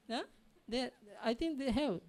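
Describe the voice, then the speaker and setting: Female teacher, slow deliberate delivery, repeats each word in drills, keeps asking if students follow. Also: sits high, darkish tone. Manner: drills pronunciation by repeating words, often checks understanding. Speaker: Pali teacher. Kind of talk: classroom language lesson.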